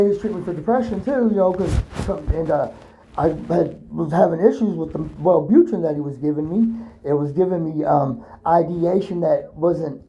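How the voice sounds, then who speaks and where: Guy rambling through his story, cussing a lot, mellow dark voice, muffled lo-fi recording. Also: a little high. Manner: profane, halting, full of fillers and restarts. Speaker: storyteller recounting his own ordeal. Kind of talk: rambling personal account. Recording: dull lo-fi recording with faint hiss.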